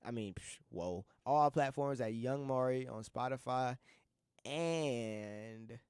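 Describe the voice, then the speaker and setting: A man's voice: medium pitch, slow pace, darkish tone, smooth, no room sound, clean studio sound. A young man hosting a college radio show alone, talking casually in a rambling, slangy, heartfelt way and often repeating himself. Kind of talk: casual solo monologue.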